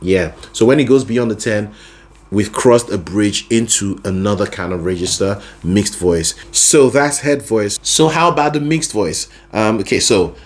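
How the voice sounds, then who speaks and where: A man's voice: lowish voice, unhurried. A man teaching a singing lesson, explaining voice registers and often checking in with the listener. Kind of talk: explaining with sung demonstrations.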